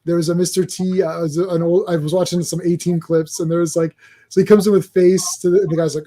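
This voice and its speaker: A man with a fairly high but mellow, soft-toned voice, talking loosely on a live stream. He rambles, restarts his sentences and breaks into laughter as he tells stories. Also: fairly even intonation, fast. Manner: rambling, laughing, trailing off mid-thought. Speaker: podcast host. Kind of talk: casual chat.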